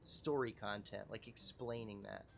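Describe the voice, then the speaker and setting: A man's voice: on the low side, fairly even intonation, measured pace, creaky, faint music behind. A man hosting a casual livestream talk show, rambling, profane and self-mocking.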